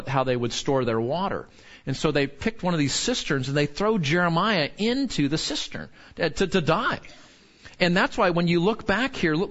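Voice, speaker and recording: A man's voice: fairly high pitch, fairly bright tone, muffled recording. A man teaching a Bible study in a conversational sermon, earnest, asking the group questions and restarting his sentences.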